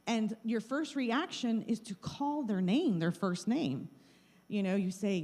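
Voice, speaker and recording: A woman's voice: mid-range voice, very animated, slow pace, darkish tone. Woman warning an audience about scams. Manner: plain, repetitive warnings, acts out scam calls. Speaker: presenter of a scam-awareness talk. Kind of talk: live talk to a small audience. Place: meeting room with an audience. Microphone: handheld mic.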